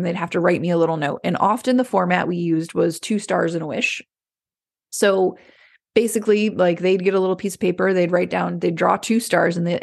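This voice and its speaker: A woman coach talks in a relaxed, conversational way, as if chatting with a friend. Her voice carries a noticeable gravelly fry. She keeps slipping into little acted-out inner voices to make her point. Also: lowish voice. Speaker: clarity coach. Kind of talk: casual motivational talk.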